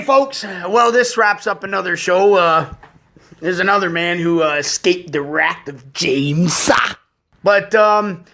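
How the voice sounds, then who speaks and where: A man playing a blustering, patriotic podcast host in a comedy sketch, talking in a gruff, abrupt way with a gravelly voice. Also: high voice, bright, forceful tone, heavily acted.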